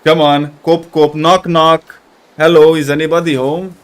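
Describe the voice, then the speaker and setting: A man's voice: fairly high pitch, level tone, a little slow, clear, resonant tone. A young man from Romania hosting a gaming livestream, chatting loosely with viewers, rambling, laughing often and groping for words. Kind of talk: casual chat with live viewers while playing.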